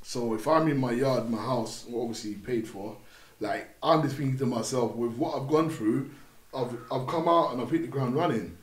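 A young Londoner appears as a guest on a relaxed podcast, telling stories at a normal speed and an ordinary middle pitch. He animates his anecdotes by acting out other people's voices, and the room sounds spacious with a touch of echo.

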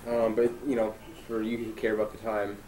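A man's voice: fairly low pitch, monotone, a little fast, darkish tone, roomy sound, slight background noise, poor audio. A man doing a food challenge on camera, hyped and joking, with playful boasting. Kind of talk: casual vlog commentary.

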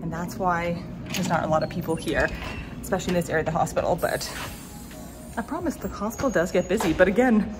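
A woman's voice: lowish voice, fast talker, music in the background. A woman in her thirties, a doctor and video host, talking in a friendly, explanatory way in a casual vlog. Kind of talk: casual vlog and voice-over narration.

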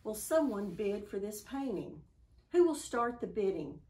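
A woman voicing a persistent male auctioneer in a story, calling bids in a measured, insistent way. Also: medium pitch, big pitch swings, a little mellow.

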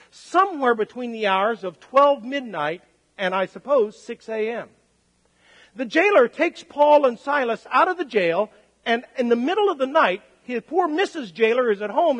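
A male pastor preaching a sermon, telling stories and swinging between loud and quiet. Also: high voice. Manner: storytelling with lively swings in volume. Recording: long church hall reverb.

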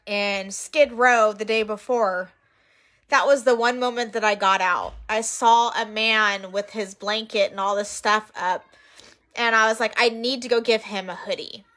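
A woman casually recounting her outreach stories, earnest and emotional, acting out what people said to her. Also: on the high side. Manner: earnest, emotional, retells quotes in lively voices. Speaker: missionary sharing outreach stories. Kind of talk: casual storytelling chat.

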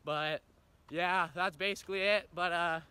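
A man's voice: sits high, fairly even intonation, measured pace, pushed and bright, smooth. Slangy young man filming on his phone. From Canada. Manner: slangy, rambling, laid-back. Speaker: vlogger. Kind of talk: casual vlog chat. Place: outdoors and in a car. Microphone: phone camera at arm's length.

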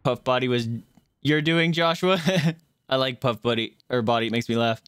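A young man streaming a blind game run, reacting loudly and excitably to a boss fight. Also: mid-range voice, normal speed, clean tone, no room sound. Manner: excitable, yelps and groans at the game. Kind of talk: live gameplay commentary. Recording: loud game music under the voice. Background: game music.

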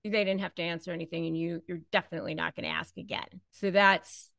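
A woman's voice: on the low side, steady tone, quick pace, gravelly, a bit bright, no room sound. A woman hosting an advice talk, speaking conversationally and acting out the lines she quotes. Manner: conversational, repeats herself, acts out quoted lines. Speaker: host. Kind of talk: direct-to-camera advice talk.

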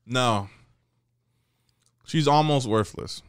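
Ein Mann um die dreißig redet lässig und derb in einem Podcast. Seine Stimme liegt in mittlerer Höhe und klingt trocken und direkt am Mikrofon. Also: male voice, mid-range voice, extremely slow, smooth, no room sound, studio quality. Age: 30s. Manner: laid-back, profane, rambling musings. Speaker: podcast guest, comedian. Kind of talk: casual podcast chat.

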